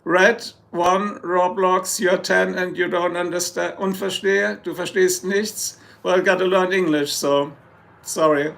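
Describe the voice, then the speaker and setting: A man's voice: high-pitched, fairly even intonation, unhurried, creaky, a bit bright. A German man with a German accent, hosting a casual live stream, joking and rambling as he answers chat. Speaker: livestream host.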